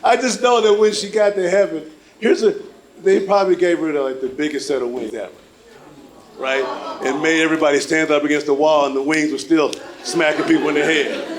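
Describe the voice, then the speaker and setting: A man performing a stand-up comedy set on a club stage, animated and shouting his punchlines. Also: a little high, fairly quick. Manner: animated, loud punchlines, slips into voices for characters. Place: comedy club stage before a live audience. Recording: live stage mic with crowd laughter.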